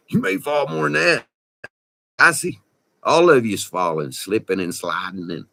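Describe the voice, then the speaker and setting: Gravelly and a bit bright, this mid-range male voice belongs to a middle-aged former oil field worker with a West Texas drawl. In a casual vlog he tells folksy, slangy stories and laughs between remarks.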